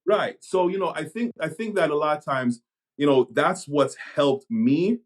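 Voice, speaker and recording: A Jamaica-born man, a pastor and police chaplain, talking things through in a podcast conversation, pausing and restarting his sentences as he thinks. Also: fairly high pitch. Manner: reflective, halting, many restarts.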